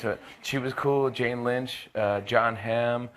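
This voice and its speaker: Casting: male talk host in his thirties, medium pitch, animated storyteller who jumps into impressions. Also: crowd noise. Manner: animated storyteller, quick impressions, frequent laughs and restarts. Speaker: late-night talk show host telling a story. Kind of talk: casual anecdote.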